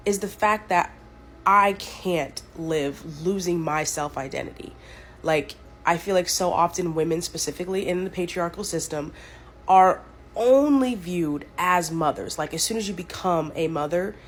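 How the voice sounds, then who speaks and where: Woman, earnest and articulate, lowish voice, faint background hum. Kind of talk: casual talk to camera.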